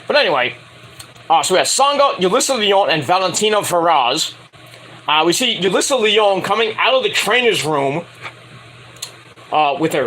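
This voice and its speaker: A man's voice: sits high, pushed and bright, slight background noise, rough recording. A man giving a casual, crude and opinionated wrestling review, swearing freely.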